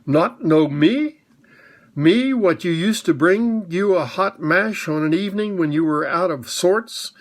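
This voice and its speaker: A man voicing a plain-hearted cab driver, who talks in a blunt, rough working-class way. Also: high-pitched, animated, unhurried, pitched above the performer's own voice.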